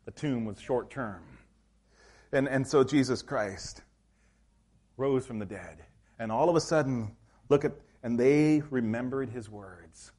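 A male pastor preaching a sermon in a church, telling the story in a lively, acted-out way. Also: mid-range voice. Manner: animated storytelling, acts out scenes.

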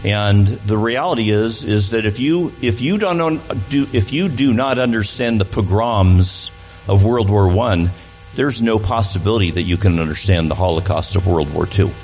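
A man addresses a church congregation as a guest, speaking conversationally and often restarting his sentences, repeating words as he does. His voice is fairly low and a little mellow at a moderate pace, with faint music behind him on a low-quality recording.

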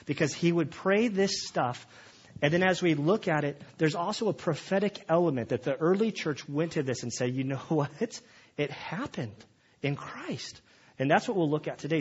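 A man's voice: fairly high pitch, breathy edge, muffled recording. A man preaching a sermon as pastor, earnest and often restarting his sentences, growing emphatic.

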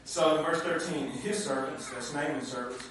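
A man preaching a sermon to a responding congregation, swinging between quiet asides and shouted high points. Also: normal speed, slight background noise. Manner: animated, swinging from low asides to shouted climaxes. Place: church sanctuary with congregation. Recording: very echoey hall, mic from far off.

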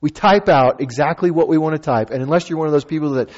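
A man preaching a sermon as a pastor, conversational and animated, with playful asides and acted-out quotes. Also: fairly high pitch, fast, muffled recording.

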